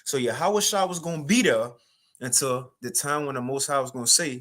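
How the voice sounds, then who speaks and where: A young man giving a livestreamed spiritual testimony, telling the story in an animated, repetitive way with casual slang. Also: mid-range voice, moderate pace. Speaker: spiritual teacher sharing a testimony.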